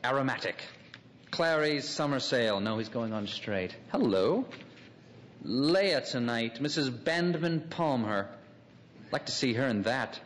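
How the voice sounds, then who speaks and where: A man's voice: mid-range voice, expressive, unhurried, slight background noise, natural voice. A man playing a wry, musing city man. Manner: drifting inner monologue, wry asides. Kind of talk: radio drama acting. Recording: long hall reverb, faint ambience.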